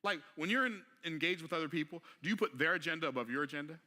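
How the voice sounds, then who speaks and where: A man delivers a motivational sermon in a bright, forward voice. He keeps putting rhetorical questions to his listeners and talks in plain, everyday speech. He drops to a hush, then builds up to a forceful climax. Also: a little high, fast talker. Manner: rhetorical questions, swings between quiet and emphatic; casual vernacular delivery. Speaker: preacher.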